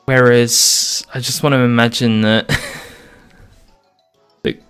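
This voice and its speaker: A man's voice: mid-range voice, normal speed. A man casually commenting while he plays a game on stream, with sarcastic and crude joking asides. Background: faint game music.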